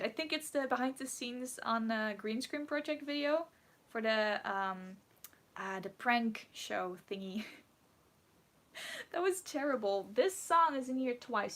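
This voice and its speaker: A woman's voice: fairly high pitch, animated, measured pace, a bit bright. A woman on a casual livestream, reading out viewer comments and answering them in a giggly, rambling, playfully dramatic way. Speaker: cosplayer streamer.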